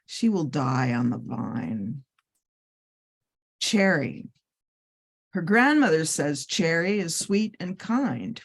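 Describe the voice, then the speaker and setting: A woman in a poetry workshop, reading poems aloud in a steady, deliberate way. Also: sits low, husky. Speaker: workshop participant.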